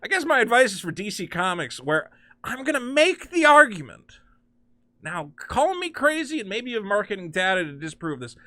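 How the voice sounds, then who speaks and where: A male comic-book commentary host delivers an exasperated, sarcastic, incredulous rant. His voice sits high, swooping widely with a bright, forceful edge, and the close, dry recording has no echo or room sound.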